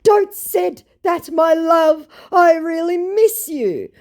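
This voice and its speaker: A whiny, lovesick male scammer , put on by a woman. He pleads high, loud and slow, dragging out each word in broken English. The voice swoops up in a wheedling wail. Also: animated, heavily acted. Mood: whiny pleading.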